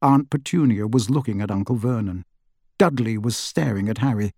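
A man narrating an audiobook in an expressive storytelling manner. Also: fairly low pitch, moderate pace, no echo, clean studio sound. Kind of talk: scripted narration.

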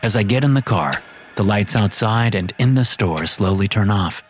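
A man narrating a first-person horror story in a wry, deadpan way. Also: on the low side, normal speed. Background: music.

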